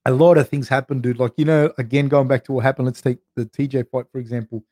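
Fast-talking and dark-toned, with fairly even intonation in a mid-range voice, an Australian podcast host in his thirties answers live chat questions. It's a loose, chatty live-stream Q&A with frequent swearing and "dude", recorded dry and at studio quality.

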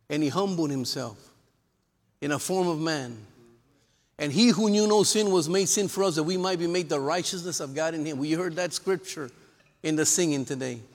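A man delivers a sermon in a fairly high voice, calling out for witnesses and amens and mixing scripture with jokes. His words ring with a long reverb from the church hall around him. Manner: lively preacher with call-and-response and humor. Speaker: pastor. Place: church sanctuary.

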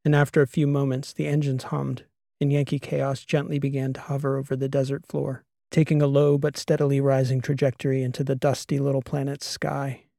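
A man narrating a science fiction audiobook in a steady, even storytelling manner. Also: mid-range voice, brisk, vocal fry, dry recording, clean studio sound. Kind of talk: scripted narration.

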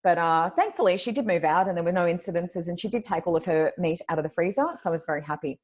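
A woman hosting a casual chat, telling a story in an animated, dramatic way. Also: fairly low pitch, quick pace. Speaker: podcast host.

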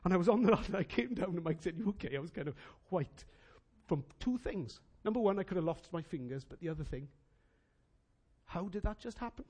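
A man preaching a sermon as pastor, animated and emphatic, telling personal anecdotes. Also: high-pitched, a little fast.

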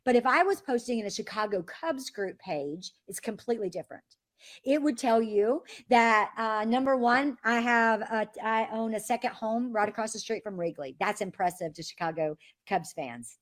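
A woman from the American South, leading a sales training on a call and acting out the messages she quotes. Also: on the high side. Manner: animated, acts out quoted messages in voices. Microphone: phone or call line.

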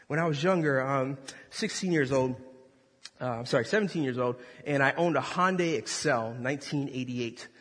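A male pastor preaching a sermon, full of animated storytelling and acted-out voices. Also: mid-range voice, normal speed, breathy edge. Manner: animated, jokey, acts out voices. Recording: long reverb of a large hall.

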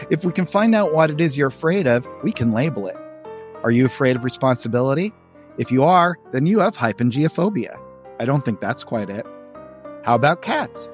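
Guy doing a bossy know-it-all cartoon girl, lecturing, voice pushed up higher. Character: bossy girl cartoon character playing psychiatrist. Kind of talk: reading a comic strip aloud.

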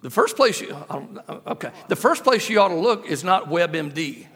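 A middle-aged guest preacher delivers a sermon in a church sanctuary, telling humorous stories and repeating phrases through rhetorical questions. His voice is high, bright, and sing-song at normal speed, with the long reverb of an echoey church hall.

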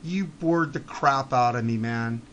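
A man hosting a podcast, delivering a blunt, profane rant that swings from low muttering to shouting. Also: unhurried, dull audio, a little hiss or hum. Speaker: podcast host. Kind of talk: ranting monologue.

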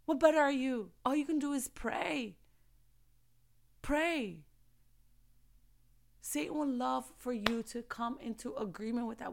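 A woman's voice: on the high side, vocal fry. A young woman giving a passionate faith-based motivational talk, preaching and repeating phrases for emphasis. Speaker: faith vlogger.

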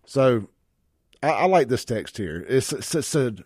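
A man's voice: medium pitch, sing-song, a little slow, darkish tone, slightly rough, no room sound, studio quality. A man hosting a talk radio show, chatting bluntly and reading listener texts aloud. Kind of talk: casual talk radio chat. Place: radio studio.

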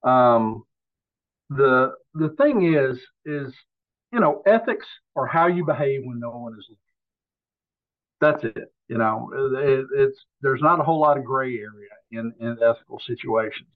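A man's voice: mid-range voice, expressive, unhurried. A man co-hosting a podcast, giving blunt, opinionated views with frequent "uh" and "um" fillers. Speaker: podcast co-host. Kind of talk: casual chat. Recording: tinny phone-like line.

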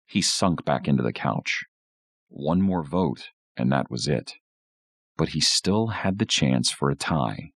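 Very deep-voiced man reading a horror story. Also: no room sound, clean studio sound. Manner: expressive storytelling. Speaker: podcast host.

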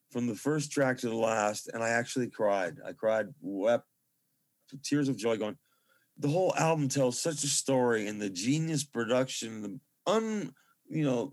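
A middle-aged man speaks through a video call at a middling pitch. He rambles and gushes with reverence, circling back to his point between fillers. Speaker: musician guest. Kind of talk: casual interview chat.

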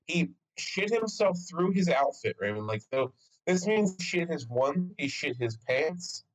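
Speaking a little slowly in a fairly high voice, a young male podcast co-host tells an animated story, swearing freely and laughing a lot in casual banter. The recording is low quality.

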